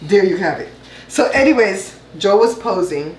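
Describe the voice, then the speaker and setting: A woman's voice: mid-range voice, lively intonation, moderate pace, a little hiss or hum. A woman from Belize in her fifties hosting a home cooking show, chatting and teasing with a playful laugh. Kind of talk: casual kitchen chat. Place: home kitchen. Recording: echoey kitchen room.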